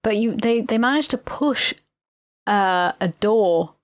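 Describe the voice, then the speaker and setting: A woman's voice: mid-range voice, expressive, slow, no echo, studio quality. A woman co-hosting a podcast, retelling a film in a rambling, sweary way. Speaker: podcast co-host. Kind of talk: casual film-recap chat.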